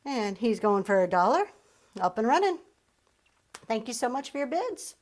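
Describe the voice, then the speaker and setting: A woman's voice: fairly high pitch, big pitch swings, moderate pace, darkish tone. A middle-aged woman from Pennsylvania, hosting a live reselling auction in an upbeat, chatty way and thanking her viewers as she goes. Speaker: live-stream reseller host. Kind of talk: live auction selling chat.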